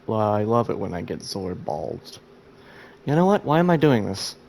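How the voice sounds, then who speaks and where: A man's voice: on the low side, sing-song, normal speed, creaky, a little mellow, a little hiss or hum. A man who has just woken up, chatting through his gameplay in a rambling, self-mocking way. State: sleepy, just woke up. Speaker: gameplay video host. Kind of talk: casual let's-play commentary.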